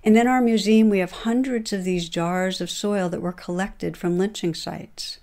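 A woman hosting a podcast, telling a long story in an earnest, steady way and quoting the people in it. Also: mid-range voice, normal speed. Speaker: podcast host. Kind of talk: retelling a story in a talk.

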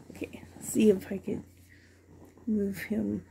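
A woman's voice: medium pitch, flat delivery, measured pace, vocal fry, dark tone, slight background noise. A woman at home unboxing a doll for her vlog, gushing with delight and often dropping to a whisper. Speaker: reborn doll collector unboxing a doll.

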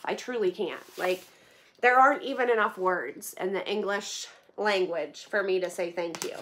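Casual vlogger mom, bright tone, unhurried gushing delivery, lots of fillers. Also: female voice, mid-range voice, slight background noise. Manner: gushing, effusive thanks, fillers like "like" and "oh my gosh". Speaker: vlogger opening viewer donations. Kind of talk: casual live chat to viewers.

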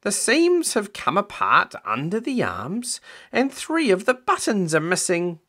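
A man's voice: high-pitched, huge pitch swings, a little slow, pushed and bright, voice pushed up, exaggerated voice. A man reading aloud, voicing a fussy elderly grandmother with a raised, emphatic voice. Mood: scolding. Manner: exasperated, emphatic.

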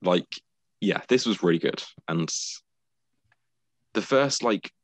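A man's voice: deep voice, lively intonation, takes it slowly, no room sound. A man from the United Kingdom co-hosting a podcast in casual chat, tired and matter-of-fact, teasing his co-host.

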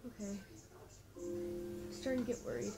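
A gaming vlogger gives casual, nervous commentary while playing, speaking directly to her viewers. Her medium-pitched voice is very animated but a little slow, with a creaky quality. Music plays under her voice.

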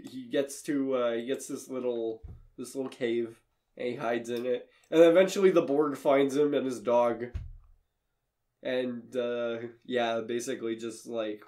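A man's voice: medium pitch, warm tone. A man casually recapping a bad movie on a podcast, rambling, laughing often and swearing as he goes. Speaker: podcast co-host.

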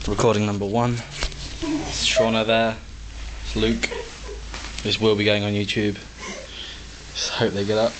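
Tired young man, flat monotone. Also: fairly low pitch, a little slow, pauses often. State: tired from no sleep. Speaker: person filming friends. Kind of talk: casual commentary while filming. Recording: noisy home video.

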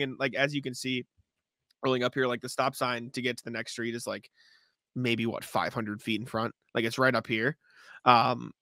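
On a casual sports podcast, a male co-host tells stories animatedly, acting out his own reactions and laughing. His voice has medium pitch and a bright, forceful tone, captured in a dry recording.

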